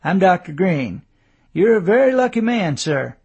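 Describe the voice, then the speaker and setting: A man's voice: sits high, big pitch swings, normal speed, gravelly, a little mellow, breathy edge, highs cut off, voice pushed up, heavily acted. A man voicing a short, chatty doctor who reassures his patient at length. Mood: reassuring. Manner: reassuring, talkative.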